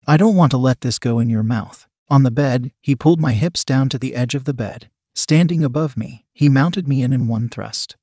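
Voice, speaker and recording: A man narrating an erotic audio story in the first person, reading in a steady, measured way. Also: medium pitch, husky, no room sound, clean studio sound.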